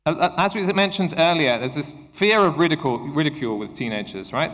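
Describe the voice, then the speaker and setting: A man giving a conference workshop to English teachers, talking to the room in an engaging way and often checking in with a quick "okay?". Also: on the high side, a bit bright. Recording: echoey hall reverb.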